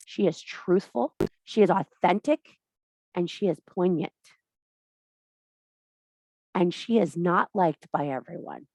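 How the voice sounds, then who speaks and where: A woman's voice: lowish voice, slow pace, pauses often, darkish tone, no echo. A woman giving an impassioned, blunt and profane talk to a women's circle as a spiritual teacher. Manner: blunt, profane, emphatic preaching.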